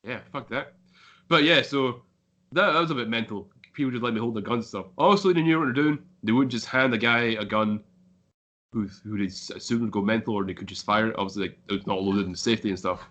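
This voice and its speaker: Fast-talking Scottish man. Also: lowish voice, a bit bright. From Scotland. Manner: rambling storyteller, swears freely. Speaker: band member guest. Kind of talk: casual chat.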